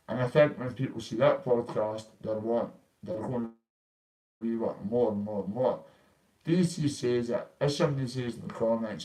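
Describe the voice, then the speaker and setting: A man's voice: medium pitch, darkish tone, rough recording. A young man, ranting bluntly to camera in a casual vlog. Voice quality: blunt, swearing, confrontational. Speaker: vlogger.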